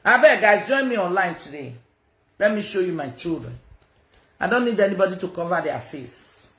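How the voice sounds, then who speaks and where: A woman's voice: lowish voice, animated, normal speed. A confrontational Nigerian woman on a livestream rant, her voice leaping up and down as she talks. She mixes Pidgin into her speech. The room echoes around her. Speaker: social media personality.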